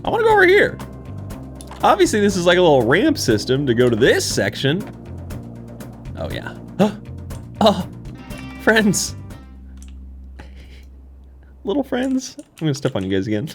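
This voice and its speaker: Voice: medium pitch, huge pitch swings, measured pace, long pauses. Giggly, playful let's-play commentator. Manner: playful and giggly, cooing at critters. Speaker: gaming YouTuber. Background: game music.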